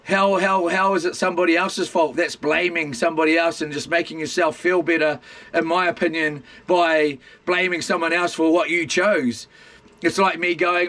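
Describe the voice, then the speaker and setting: A New Zealand man rants on a livestream from outdoors. His voice sits fairly high. He is blunt and rambling, with lots of restarts and asides to "mate". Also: steady tone, normal speed, fairly bright tone. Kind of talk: casual livestream rant.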